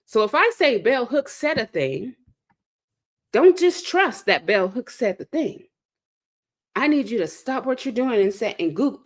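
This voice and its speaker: A woman's voice: on the high side, very animated, normal speed. A woman from the South Side of Chicago, hosting and speaking in an impassioned monologue with an emphatic, preacher-like delivery that repeats key phrases. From South Side of Chicago, USA. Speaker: host and speaker.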